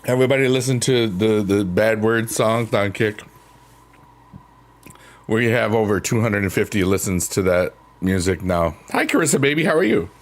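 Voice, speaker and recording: A man's voice: fairly low pitch, lively intonation, moderate pace. A man casually chatting with his stream viewers, rambling and laid-back, laughing at himself. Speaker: livestreamer. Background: soft piano music.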